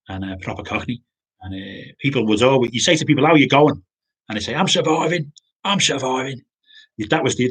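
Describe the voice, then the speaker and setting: A man giving an informal sermon, halting with many restarts and repeated words. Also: fairly low pitch, a bit bright, breathy edge. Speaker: pastor.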